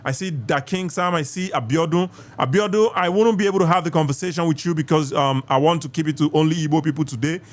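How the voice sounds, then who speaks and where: A man's voice: on the high side, quick pace, hardly any pauses. A man with a Nigerian accent hosting a live call-in podcast debate, assertive and lecturing, repeating himself for emphasis. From southeast Nigeria. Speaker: podcast host.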